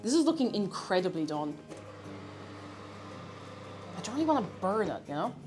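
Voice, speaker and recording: A woman's voice: medium pitch, sing-song, moderate pace, a little mellow. A young Irish woman streaming live as she cooks, chatting playfully with her chat and reading out messages. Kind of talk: casual live-stream chat while cooking. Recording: faint music in background.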